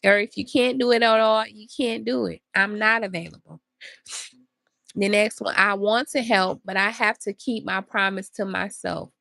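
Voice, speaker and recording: A woman hosts a motivational podcast and speaks earnestly and directly to her listeners. Her voice has a slightly gravelly texture. It sounds close and dry, with almost no room sound. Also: medium pitch, moderate pace, sharp tone, no room sound. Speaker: podcast host. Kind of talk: motivational talk.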